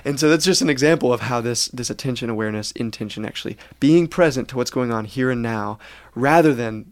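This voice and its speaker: A man's voice: medium pitch, fast talker, no room sound, clean studio sound. A man co-hosting a faith podcast, explaining ideas in an earnest, teaching way. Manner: earnest, explanatory, acts out quoted reactions. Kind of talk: reflective faith podcast talk.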